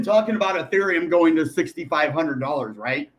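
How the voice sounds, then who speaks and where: A young man talking casually to viewers about crypto charts, rambling and animated, often calling them guys and dude. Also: on the high side, brisk, few pauses. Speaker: crypto YouTuber. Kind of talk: casual chart commentary to camera.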